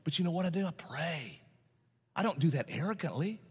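A man's voice: fairly high pitch, lively intonation, brisk, slightly rough. A man, a Baptist pastor, preaching a sermon in a folksy, emphatic way, often repeating phrases and laughing between points. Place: large church auditorium. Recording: long hall reverb.

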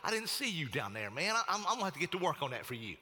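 A man's voice: on the high side, very animated, rapid-fire, bright, forceful tone. A man voicing an aloof, distracted God who feigns surprise in an offhand, mock-casual way, in a room with long reverb.

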